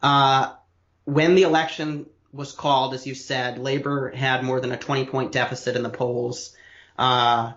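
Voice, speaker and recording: A man's voice: medium pitch, little pitch movement, a little slow, fairly bright tone, echoey room, muffled recording. A man co-hosting a podcast, explaining political history in detail with a lecturing, casual manner and frequent restarts.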